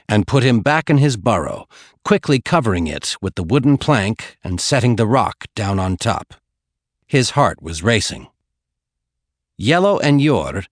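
A man narrating an audiobook in a measured storytelling manner on a close studio mic. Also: lowish voice, no echo.

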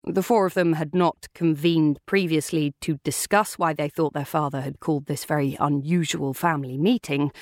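A woman narrating an unabridged novel in a measured, dramatic storytelling manner. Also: low-pitched, no echo, clean studio sound. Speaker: audiobook narrator. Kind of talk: scripted narration.

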